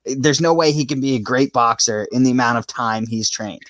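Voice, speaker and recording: A man's voice: mid-range voice, a little fast, fairly bright tone, no echo. A man with an everyday mid-range voice trades blunt, heated opinions in a casual sports chat. He sounds close and dry on the mic, with no room around him. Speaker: podcast co-host.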